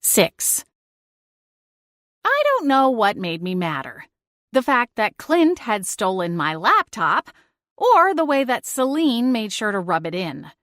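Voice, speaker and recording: A woman's voice: a little high, sing-song, slow pace, fairly bright tone, no echo, clean studio sound. A woman narrating a cozy first-person audiobook, reading expressively and acting out exasperated dialogue.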